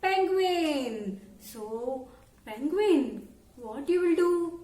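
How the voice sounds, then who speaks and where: A woman with an Indian English accent teaching young children a lesson in a slow, exaggerated storytelling manner. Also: high voice, animated, reverberant.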